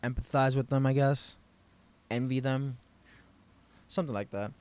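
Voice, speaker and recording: Male vlogger, mid-pitched, ranting off the cuff about a game, profane and exasperated. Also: steady tone, moderate pace. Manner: profane, rambling, frustrated ranting with loud bursts. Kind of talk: unscripted game review rant.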